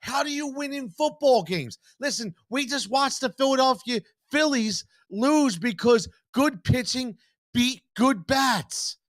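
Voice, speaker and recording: A man's voice: very high-pitched, lively intonation, unhurried, a bit bright, no echo. A man hosting a live postgame sports reaction stream, fired-up and blunt, swearing freely and repeating his points. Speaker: sports talk host.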